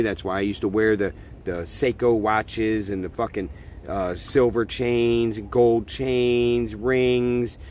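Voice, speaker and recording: A man's voice: mid-range voice, a little mellow, a little hiss or hum. A middle-aged man hosting a podcast, delivering a blunt, profane opinion monologue in a ranting manner. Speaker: podcast host.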